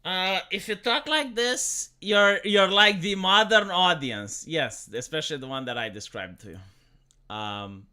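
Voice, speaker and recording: A high-voiced man livestreaming, his tone bright and cutting. He rants sarcastically about film reviews, swears freely, and trips over his own restarts. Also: lively intonation, clear, resonant tone. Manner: ranting, sarcastic, profane; halting, with many restarts.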